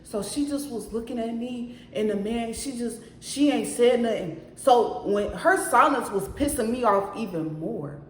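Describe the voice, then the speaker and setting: A woman telling a story from her own apartment in a casual storytime, talking emphatically and calling out to her viewers again and again. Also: a little high. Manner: emphatic, keeps addressing viewers directly. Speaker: storyteller vlogger. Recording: echoey room.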